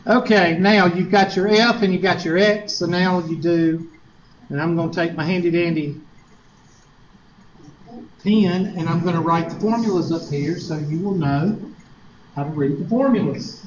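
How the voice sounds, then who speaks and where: A man with a South Carolina Southern accent teaches a math class, joking and wandering off topic, often tossing rhetorical questions at his students. His voice sits a little high for a man. The classroom recording is dull and lo-fi, with a faint hiss underneath. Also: moderate pace, long pauses. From Upstate South Carolina, US. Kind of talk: classroom lecture with digressions.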